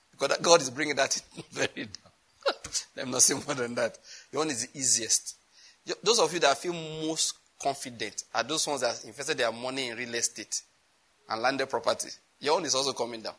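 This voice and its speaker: Bright-voiced preacher. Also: male voice, medium pitch, husky. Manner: animated, laughing, acting out dialogue. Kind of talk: sermon.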